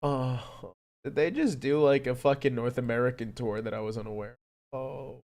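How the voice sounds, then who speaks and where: A man streaming casually, rambling and cursing often, with sudden jumps from mumbling to loud outbursts. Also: mid-range voice, normal speed. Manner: rambling, profane, animated swings in loudness. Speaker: streamer reacting to music. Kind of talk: casual chat.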